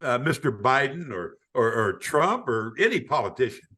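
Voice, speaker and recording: A man's voice: mid-range voice, very animated, normal speed, bright, forceful tone, slightly rough. An older man, a retired sportscaster, telling stories in a podcast interview, acting out quoted voices with frequent stammering restarts. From United States.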